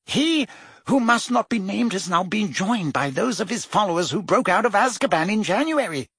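Male reader doing a high, jittery, defensive wizard minister, husky edge. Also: animated, fairly bright tone, no room sound, clean studio sound, exaggerated voice. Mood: urgent. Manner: rapid, heated, rising pitch when pressed.

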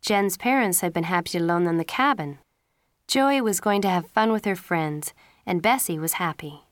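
A woman reading a story aloud with steady, even scripted narration. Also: fairly low pitch, normal speed, no echo, clean studio sound. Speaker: storybook reader.

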